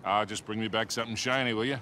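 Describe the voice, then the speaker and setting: An actor playing an older, wry, weathered treasure-hunter mentor in a video game cutscene, with a gravelly voice. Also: male voice, fairly low pitch, fairly even intonation, rapid-fire, pushed and bright, a little hiss or hum, low-quality recording.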